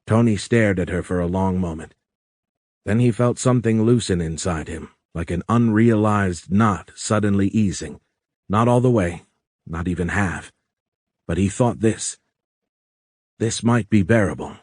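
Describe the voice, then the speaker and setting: A man narrating a science fiction audiobook in a measured, even way, on a close microphone. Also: sits low, no echo. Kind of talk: scripted narration.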